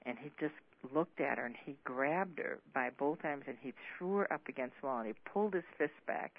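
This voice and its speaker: A man who counsels a men's group recounts a story in a frank, conversational voice of ordinary pitch. The sound is thin and narrow, like a radio broadcast heard through a phone line. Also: expressive, brisk.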